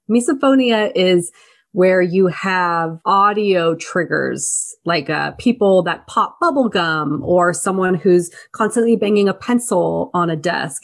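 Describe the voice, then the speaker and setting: A woman co-hosting a casual movie review podcast, animated and quick to laugh. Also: lowish voice. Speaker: podcast co-host.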